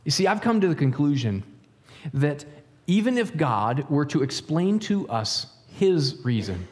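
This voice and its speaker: Male pastor, conversational sermon delivery, slightly high voice. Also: sing-song, unhurried, a little mellow, long reverb tail. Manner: conversational, asks rhetorical questions; acts out stories in quoted voices.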